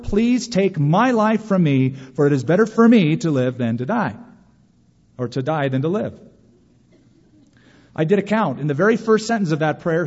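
A man preaches a lively sermon in a large hall. His voice sits a little high and rings out with a long reverb, and the sound is a bit dull and muffled. He slips into mocking, whiny voices to make a point. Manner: animated preaching, mimics whiny voices for emphasis. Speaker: pastor.

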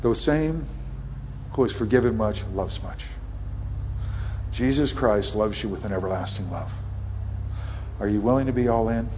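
A man's voice: on the low side, dark tone, slight background noise. A middle-aged man preaching a sermon in earnest, leading a prayer and acting out Bible scenes. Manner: earnest, acts out Bible scenes in quick voices. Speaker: pastor. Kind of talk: sermon with altar call and prayer.

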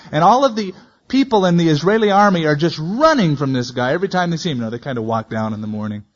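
A man teaching verse by verse from the Bible, reading scripture aloud and then adding casual, conversational comments. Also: fairly high pitch. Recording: dull lo-fi recording.

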